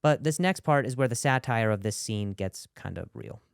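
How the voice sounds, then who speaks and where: A man's voice: mid-range voice, animated, normal speed, gravelly, very noisy. A young man with a stutter doing a stand-up set, sarcastic and self-deprecating while working the crowd. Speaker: stand-up comedian. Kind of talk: stand-up set with narrated commentary.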